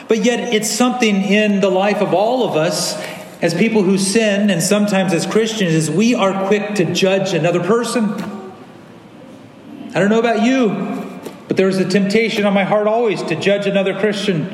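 A man's voice: high voice, moderate pace, slight background noise. A man preaching a sermon as pastor, earnest, sometimes acting out the people in the story. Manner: earnest, acts out quoted lines. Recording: echoey hall, faint ambience.

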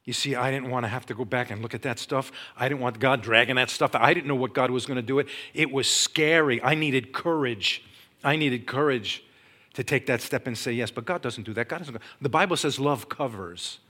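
A middle-aged man gives a testimony sermon in a bright, forceful voice. His pitch sits right in the middle, and he tells the story dramatically, dropping to a hush and then rising to loud, urgent peaks. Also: brisk. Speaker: Christian speaker and former teacher.

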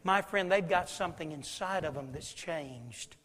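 A man preaching a sermon, telling a folksy story and swinging between loud and hushed. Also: a little high, moderate pace. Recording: long hall reverb.

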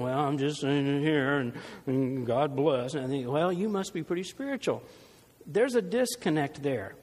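High-voiced pastor preaching in a hall. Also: male voice, husky. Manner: conversational preaching with humor and asides. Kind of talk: sermon.

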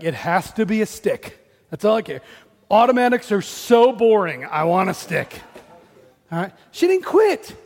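A man in his forties preaching a sermon, telling a story about himself in an animated, self-deprecating way. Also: sits high, big-room sound. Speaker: pastor.

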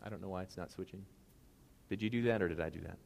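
A man gives a laid-back sermon in a church sanctuary, teasing and quizzing his congregation as he goes. His voice is on the low side. A long reverb trails behind every phrase. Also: fast, gravelly, darkish tone. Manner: casual, joking, asks the congregation questions. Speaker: pastor.

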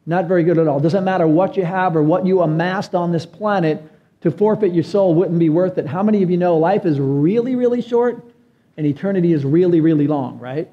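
A man's voice: high-pitched, brisk, highs cut off. A man preaching a sermon as pastor, earnest and emphatic, his voice climbing on key phrases.

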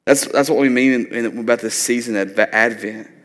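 A man's voice: medium pitch, steady tone, normal speed, fairly bright tone, in a large hall. A man in his thirties preaching a sermon in a loose, conversational way, often tagging on "like" and "right?". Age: 30s. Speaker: pastor.

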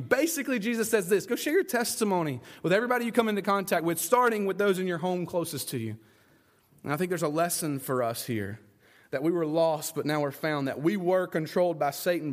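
A man preaching a sermon as pastor, earnest and emphatic, with repetition and rhetorical questions. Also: high-pitched.

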